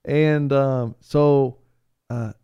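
A man with a mellow, warm voice chatting on a talk show panel. He tells rambling, animated stories, often restarting his sentences. The sound is dry and close. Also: mid-range voice, drawn-out words, smooth, dry recording, muffled recording. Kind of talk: casual chat.

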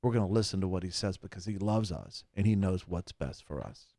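A man with a low voice speaks as a radio host and preacher, earnest and plain-spoken. He sounds close to the mic in a dry, dead room. His delivery is conversational even when he preaches. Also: brisk, dry recording. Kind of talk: sermon commentary and radio announcements.

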